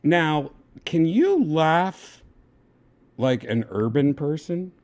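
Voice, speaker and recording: A man hosting a casual livestream, coaxing and giving step-by-step instructions in a relaxed, chatty way. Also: a little high, very slow. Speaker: livestream host.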